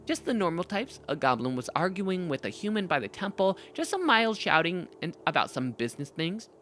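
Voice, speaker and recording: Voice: medium pitch, big pitch swings, brisk, a bit bright, slight background noise, pitched above the performer's own voice. A streamer voicing a young, nervous boy who runs a newspaper kiosk, talking in a chirpy, chatty shopkeeper patter. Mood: offhand. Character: young male newspaper kiosk kid, nervous and money-minded.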